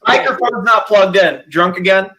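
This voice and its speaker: A man in a livestream argument who mocks and needles the other person, sometimes shouting. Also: high voice, moderate pace, lo-fi sound. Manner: mocking, combative, sometimes shouting. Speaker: livestream guest.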